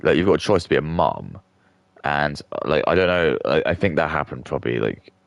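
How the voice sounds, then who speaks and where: Male gaming streamer, extremely low and gravelly, rambling, crude, dry close sound. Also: animated, brisk, no echo. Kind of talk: casual commentary while gaming.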